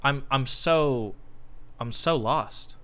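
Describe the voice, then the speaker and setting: A man live-streaming from home, muttering and swearing as he troubleshoots his mic and voice software. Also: mid-range voice, drawn-out words. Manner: muttering, swearing while fixing audio setup. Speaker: game streamer. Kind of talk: casual live-stream chat. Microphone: desk microphone with voice software.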